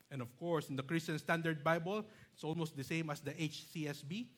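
A male pastor preaching a sermon, emphatic, stretching key words slowly and often checking in with "okay?" and "right?". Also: a little high, a bit bright.

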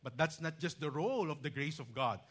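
Male preacher, bright edgy tone, slightly high voice, emphatic teaching delivery. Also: expressive, brisk, slightly rough. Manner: emphatic, rising loud when reading scripture lists; teacherly, explains grammar with asides like "okay". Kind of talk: sermon.

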